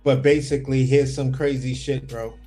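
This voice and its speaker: A man's voice: medium pitch, level tone, normal speed, dark tone, faint music behind. A man hosting a casual boxing talk over a remote livestream call, laid-back and rambling, swearing offhand. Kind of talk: casual chat.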